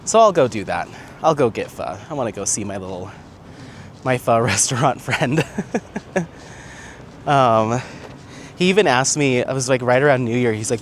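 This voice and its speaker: A man's voice: medium pitch, lively intonation, moderate pace, long pauses. A man talks in an easy, chatty way while out walking, laughing often and reading viewers' comments aloud. Faint street and traffic noise sits under his voice. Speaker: vlog host. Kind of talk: casual chat while walking. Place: outdoors on town streets. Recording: street noise, outdoor recording. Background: faint street and traffic sounds.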